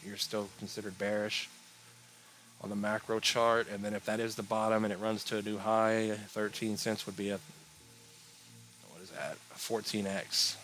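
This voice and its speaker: On a live crypto chart stream, a man with a lowish voice talks at normal speed, rambling casually and yawning occasionally as he reads chat aloud and answers it. The audio is poor, with a slight hiss or hum.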